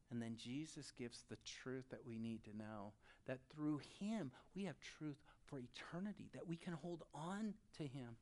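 An animated pastor preaching a sermon, speaking straight to the congregation. The pitch rises and falls widely, and the voice sits at a middle height. Loud, urgent stretches give way to soft, quiet ones. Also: moderate pace, few pauses. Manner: addresses the audience directly.

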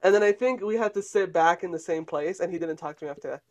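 A young man, co-hosting a casual chat and telling animated stories with frequent laughs. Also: high voice, fast. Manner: animated storyteller, laughs often. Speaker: podcast co-host.

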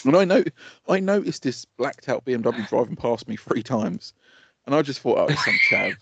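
An Essex man rambles through a casual podcast story in a gravelly, husky voice. He swears freely and laughs at his own tales. The audio is dry and a little dull. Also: medium pitch, animated, moderate pace, a little mellow, no room sound. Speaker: podcast co-host.

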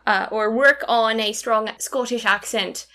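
A woman's voice: on the high side, unhurried, pushed and bright. A woman tabletop player chatting in a playful, teasing way.

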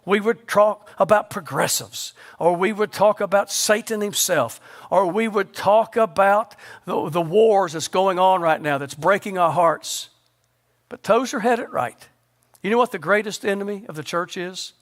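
A male pastor preaching a sermon, asking the congregation questions and sinking to a low hush to stress a point. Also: moderate pace. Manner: rhetorical questions, sudden drops to a low hush for emphasis.

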